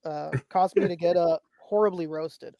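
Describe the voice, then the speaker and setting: A man's voice: moderate pace, no echo, muffled recording. A young man on a podcast telling funny stories in casual chat, acting out the people he quotes. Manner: animated storyteller, acts out quotes with rising pitch. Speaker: podcast guest.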